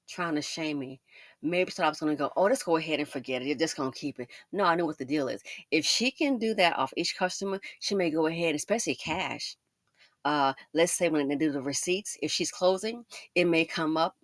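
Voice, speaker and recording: A woman hosting a casual commentary monologue, telling personal stories in an animated way and acting out the voices of the people she quotes. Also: no room sound. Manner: animated storytelling, acts out quoted voices with big pitch jumps. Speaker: commentary channel host.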